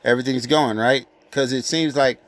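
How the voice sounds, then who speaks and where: A man giving an informal sermon, reading scripture slowly and with weight, then breaking into blunt, profane street talk. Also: mid-range voice, steady tone. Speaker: scripture teacher.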